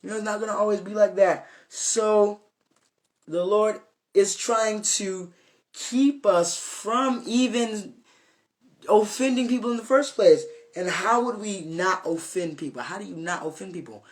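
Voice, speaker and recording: A young, self-made preacher gives an informal and earnest devotional talk in a high-sitting voice, a little slow. He rambles, with many fillers and restarts.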